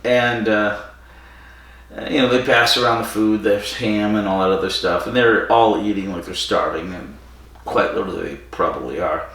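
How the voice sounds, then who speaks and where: A man's voice: on the low side, moderate pace, fairly bright tone. A man hosting a podcast, casually recapping a story with digressions and self-corrections. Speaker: podcast host. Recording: very echoey room, far from mic.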